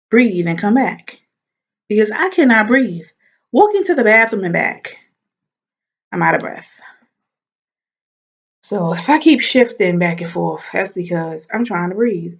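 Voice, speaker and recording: A woman chatting casually to camera as a vlogger, animated and laughing as she talks. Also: lowish voice, muffled recording.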